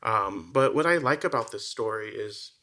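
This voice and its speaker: A man's voice: lowish voice, moderate pace. A man co-hosting a podcast in casual conversation, telling stories animatedly and acting out the voices of the people in them. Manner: animated storyteller, acts out quoted voices; frequent fillers like "like" and restarts. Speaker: podcast co-host.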